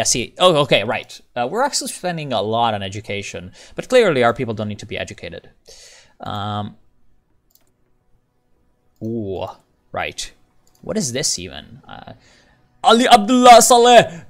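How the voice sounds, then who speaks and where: A game streamer with a mid-range, pushed and bright voice rambles casually over a strategy game. He keeps cutting himself off mid-sentence, swears, and laughs a lot.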